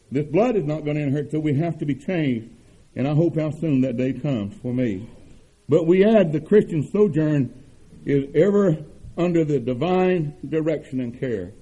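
Husky older man preaching a sermon. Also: on the high side, warm tone, rough recording. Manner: earnest preaching cadence, emphatic repetitions, drawn-out stresses. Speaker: pastor.

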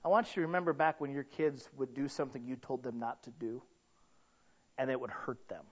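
A man preaching a sermon as pastor, dramatic, dropping soft then bursting into shouts. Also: mid-range voice, fairly even intonation, brisk, muffled recording.

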